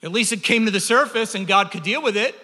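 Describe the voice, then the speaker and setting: A man preaching a sermon, impassioned and animated, often repeating words as he builds up. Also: high voice, fast talker, in a large hall.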